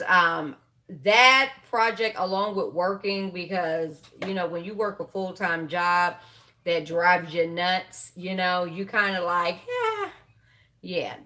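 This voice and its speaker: A woman's voice: medium pitch, bright, forceful tone. A woman hosting a sewing livestream from home, chatting casually with viewers and laughing often. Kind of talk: casual chat while sewing.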